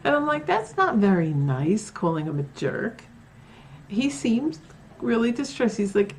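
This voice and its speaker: A paranormal vlogger casually recounts her own experiences to camera at home near a bedroom, filling her talk with fillers and acted-out quotes. Her low-ish, darkish voice has lively intonation and a moderate pace, with slight background noise.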